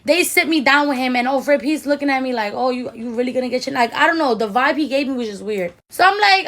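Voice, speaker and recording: A woman's voice: high voice, fast, hardly any pauses. A woman in her twenties telling a casual, slangy storytime to her viewers, acting out the people she quotes. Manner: animated, slangy, quotes people in raised voices. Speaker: beauty vlogger.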